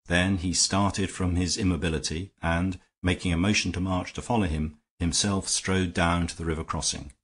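A man narrating an audiobook in a steady storytelling manner. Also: low voice, normal speed, few pauses, husky. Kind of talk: scripted narration.

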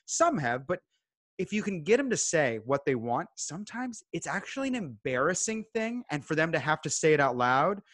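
Guy with a kinda high voice, dry close mic, calm measured chat. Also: no room sound. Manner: calm, measured advice-giving. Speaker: guest home inspector. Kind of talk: casual podcast chat.

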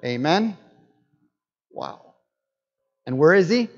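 A man's voice: on the high side, takes it slowly, vocal fry. A man preaching a sermon as a guest pastor. He jokes and puts questions to his listeners. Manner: animated, joking preacher who asks the audience questions. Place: church hall. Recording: dull lo-fi with long hall reverb.

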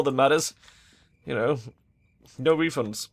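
Man, gaming commentary, sarcastic, bright voice. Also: medium pitch, a little slow, gravelly, dry recording. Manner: sarcastic, mischievous, swears freely. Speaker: gamer playing through an RPG.

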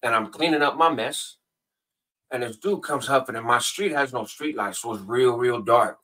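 A man telling a long story as a guest on a casual show, acting out other people's voices in a high pitch. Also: moderate pace, pushed and bright, far from the mic. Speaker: podcast guest. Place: home in Nevada.

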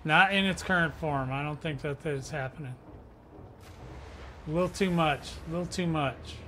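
A man's voice: on the high side, moderate pace, bright, forceful tone, a little hiss or hum. A man hosting his own gaming channel, rambling through casual gameplay commentary with slang and jokes at his own expense. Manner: rambling, slangy, self-mocking.

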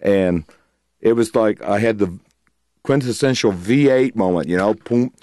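A middle-aged man, a blues guitarist, telling a story in an interview, animated, laughing and acting out other people's voices. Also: on the low side, a little slow, dry recording, studio quality.

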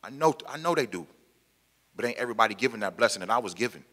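A man's voice: on the low side, expressive, racing, bright, forceful tone. Impassioned man speaking in an echoing hall. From Pacific Northwest, US. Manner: emphatic, repeats key lines, plain colloquial speech. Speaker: formerly incarcerated panel speaker. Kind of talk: impassioned public talk to an audience. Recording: long hall reverb.

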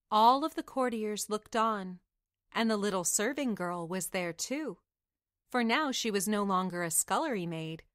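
Slow, gentle woman storyteller. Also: mid-range voice, no echo, clean studio sound. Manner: gentle, measured. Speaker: audiobook narrator. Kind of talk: storybook narration.

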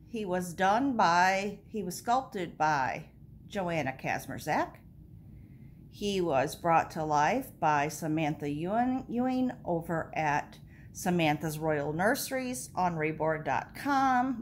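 Female doll-channel host, gentle storyteller, slow delivery, lively melodic pitch. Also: a little hiss or hum. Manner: gentle, lilting and unhurried. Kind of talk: reading a children's story aloud to camera.

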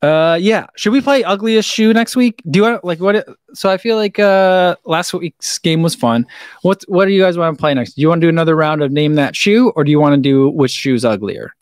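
A man's voice: fairly high pitch, fairly quick, no room sound, clean studio sound. Laid-back man chatting on a live stream. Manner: laid-back, rambling, chuckles often. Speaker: running shoe reviewer hosting a live stream. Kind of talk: casual live-stream chat answering viewer questions. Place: indoor studio room with a wall of shoes.

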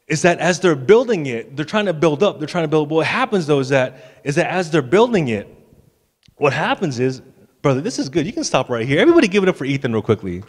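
A man's voice: a little high, big pitch swings, fast. A man in his thirties, a pastor giving a sermon in a casual, joking way with stammered restarts. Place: church sanctuary. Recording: long church hall reverb.

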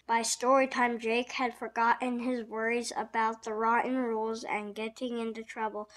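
A woman reading a children's picture book aloud, slow and expressive, giving the characters little voices. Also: on the high side. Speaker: storybook reader.

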